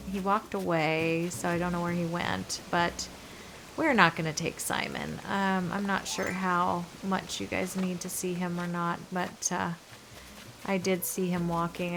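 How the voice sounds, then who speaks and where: Slow-talking chatty woman gamer. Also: on the low side, slight background noise. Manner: chatty, says y'all, soft asides. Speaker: gaming video host. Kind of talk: casual game commentary.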